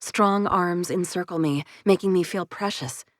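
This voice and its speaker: Low-voiced woman narrating an audiobook. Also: unhurried, no echo, studio quality. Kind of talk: first-person audiobook narration.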